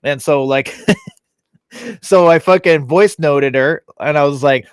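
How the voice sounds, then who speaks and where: A man's voice: medium pitch, fairly even intonation, takes it slowly, clear, resonant tone, no room sound. A man in his thirties hosting a podcast, telling loose stories full of swearing and fillers. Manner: loose storytelling, heavy swearing, frequent fillers. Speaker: podcast host. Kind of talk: casual chat.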